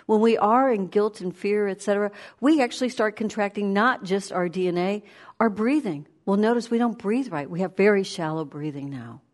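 A woman giving a conversational sermon, animated and storytelling. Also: mid-range voice, moderate pace. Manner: animated, storytelling, laughs while speaking.

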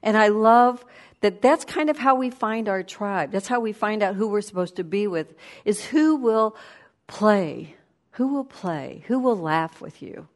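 A woman giving a conversational sermon, animated and storytelling. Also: medium pitch, a little slow. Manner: animated, storytelling, laughs while speaking.

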